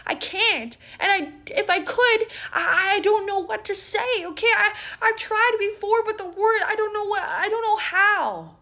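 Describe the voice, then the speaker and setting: A woman voicing a shy, sweet young schoolgirl who cries and stammers in halting phrases. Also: extremely high pitch, lively intonation, pushed and bright, pitched above the performer's own voice, full character voice. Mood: distressed.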